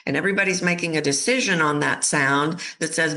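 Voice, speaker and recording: A woman's voice: low-pitched, fairly quick, hardly any pauses. A woman voice coach giving an interview on a podcast, talking expressively and acting out the voices of people in her stories. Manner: expressive, acts out quoted voices. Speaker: voice coach guest.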